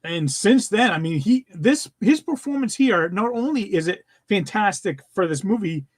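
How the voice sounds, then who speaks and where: High-voiced enthusiastic middle-aged man. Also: lively intonation, normal speed. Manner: enthusiastic, rambling with fillers. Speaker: podcast co-host. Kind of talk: casual movie review chat.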